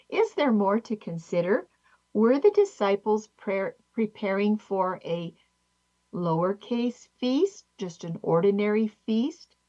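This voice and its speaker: Woman teacher, measured questioning delivery, slightly muffled recording. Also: mid-range voice. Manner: questioning, measured reading of scripture. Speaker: Bible study teacher. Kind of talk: scripted teaching narration. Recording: slightly dull lo-fi audio.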